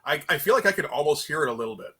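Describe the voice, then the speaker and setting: A man's voice: fairly high pitch, expressive, very fast, sharp tone, husky. A man from Canada with a Canadian accent, a guest in a casual chat who talks hesitantly with many restarts. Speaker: guest, comic creator.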